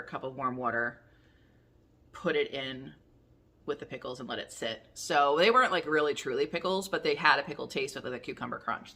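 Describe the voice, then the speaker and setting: Chatty low-voiced woman vlogger, bright tone. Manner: chatty, rambling, candid with swearing. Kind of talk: casual chat to camera.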